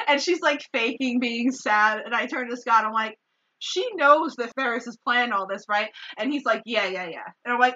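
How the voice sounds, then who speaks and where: Husky-voiced woman recapping a movie, lo-fi. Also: a little high, a little slow. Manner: animated retelling, acts out characters' lines, laughs often. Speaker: podcast co-host. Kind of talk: casual chat recapping a movie.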